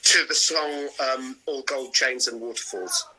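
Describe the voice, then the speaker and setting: A man's voice: mid-range voice, measured pace, bright, forceful tone, husky, rough recording. A man, an actor, chatting casually on a live video stream, rambling and often restarting his sentences. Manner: chatty, rambling, self-interrupting. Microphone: video call.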